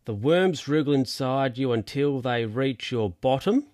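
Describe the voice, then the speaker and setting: A man voicing a brisk, no-nonsense male dog doctor who lectures sternly in a storybook. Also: medium pitch, animated, a little mellow, dry recording, clean studio sound, close to an everyday voice. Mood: lecturing.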